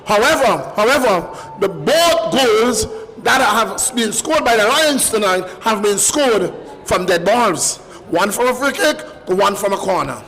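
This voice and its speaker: A man giving live football commentary, excitable and bantering, shouting when goals go in. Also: sits high, unhurried, big-room sound, rough recording. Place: stadium commentary position.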